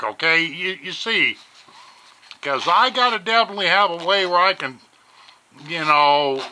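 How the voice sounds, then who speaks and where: A man from Montana, rambling folksily through a casual product review at home on a webcam. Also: a little high. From Montana, USA. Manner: folksy, rambling, addresses viewers as ladies and gentlemen. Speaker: vlogger reviewing vape gear.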